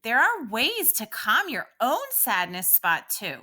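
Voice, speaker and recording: In a bright, clear voice on the high side, a woman teacher reads aloud to young children without hurrying. She leads a calming exercise in a sing-song manner, her pitch rising and falling a great deal.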